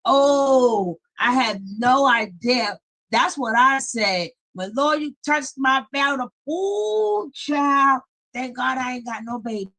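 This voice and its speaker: A woman's voice: high voice, expressive, slow pace, pushed and bright. A middle-aged woman giving dramatic, exclamatory reaction commentary as a streamer.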